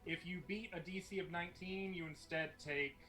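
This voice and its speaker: A man's voice: high-pitched, fairly even intonation, moderate pace, bright, forceful tone. Playful man running a tabletop game. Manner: playful teasing narration. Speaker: game master.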